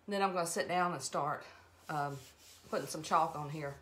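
A woman's voice: low voice, normal speed, fairly bright tone, slight background noise. A middle-aged woman with an Alabama Southern accent, chatting and rambling casually while she demonstrates a craft project live for viewers. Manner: chatty and rambling, greets viewers, laughs at herself. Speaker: craft live-stream host.

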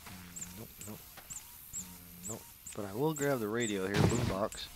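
A man's voice: lowish voice, measured pace, heavy background noise. Jokey man rambling over gameplay. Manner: jokey, rambling, reads in-game notes aloud. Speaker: gameplay commentator. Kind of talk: casual let's-play commentary.

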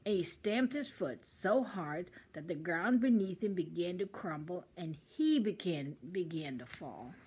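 A woman's voice: fairly low pitch, expressive, a little slow, hardly any pauses, darkish tone, breathy edge, rough recording. An older woman from Germany with a German accent, reading a children's story aloud with chatty asides. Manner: chatty asides between sentences.

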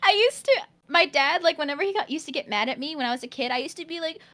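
A woman's voice: high-pitched, expressive, fast talker, bright, forceful tone. A woman chatting casually, giggly and playful. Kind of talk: casual group chat.

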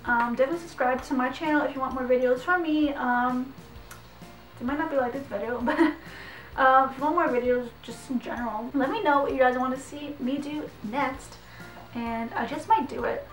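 A woman's voice: high-pitched, a little fast, recorded from a distance. Giggly young woman, echoey room. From Canada. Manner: excitable and giggly, heavy use of "like". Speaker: vlogger. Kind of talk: casual unboxing vlog. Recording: echoey room, voice off-mic, faint music.

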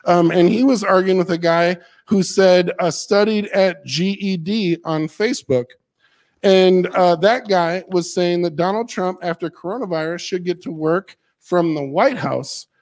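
Rambling high-voiced comedian. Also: male voice, measured pace, a little mellow. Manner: rambling, self-deprecating, loose and tipsy. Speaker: stand-up comedian. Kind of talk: stand-up set. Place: comedy studio with live audience.

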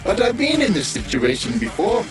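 A man playing a cheerful bagpipes costume character chirps along in a high, wildly swooping voice. He sounds playful and sing-song. The room is echoey, with music beneath. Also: huge pitch swings, moderate pace. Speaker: masked contestant.

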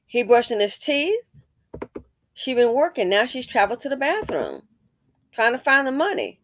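A woman's voice: on the high side, no room sound, clean studio sound. A woman host giving casual commentary on a commercial, emphatic and repeating her points with rhetorical questions.

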